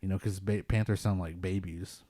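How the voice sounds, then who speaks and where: A man's voice: sits low, steady tone, moderate pace, dark tone, dry recording, clean studio sound. A man hosting a podcast, telling a personal ghost story in a casual, rambling way with many "like" fillers. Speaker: podcast host.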